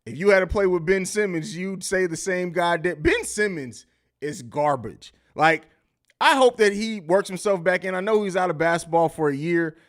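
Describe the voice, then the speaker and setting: A man's voice: high voice, lively intonation, normal speed, fairly bright tone. A man hosting a live sports podcast stream, talking loosely and profanely, laughing often and reading viewer comments aloud. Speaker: podcast host. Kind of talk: casual live-stream chat.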